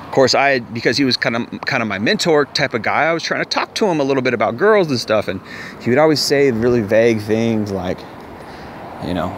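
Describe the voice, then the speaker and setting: Man, casual storytelling, rambling and repetitive, candid, swears a lot, mid-pitched voice, faint traffic behind. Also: expressive, a little fast. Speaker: vlogger.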